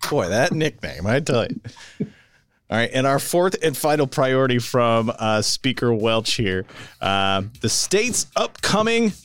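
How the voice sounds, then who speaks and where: A man's voice: mid-range voice, big pitch swings, unhurried, a bit bright, dry recording, studio quality. A young man co-hosting a casual political talk show, teasing and wry. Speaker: co-host.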